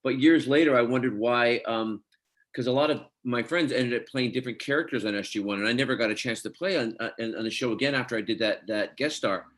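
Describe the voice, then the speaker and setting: In a casual interview, a middle-aged actor from Scotland tells stories at a fast clip with a mid-range voice. He brings them to life by acting out what others said.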